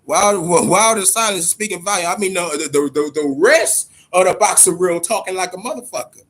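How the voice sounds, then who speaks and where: A high-pitched man hosts a loose, profane boxing talk show. He stumbles over repeated words and keeps calling out to his listeners. His tone is bright and forceful. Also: normal speed. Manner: animated, profane, repeats words, addresses audience as y'all. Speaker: boxing commentary host. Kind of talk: casual profane boxing commentary.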